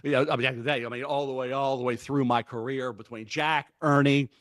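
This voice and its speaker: A man in his sixties with a Baltimore accent, a guest draft analyst in a casual interview, talking effusively and fast, tumbling through long lists of names. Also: mid-range voice, steady tone, a bit bright.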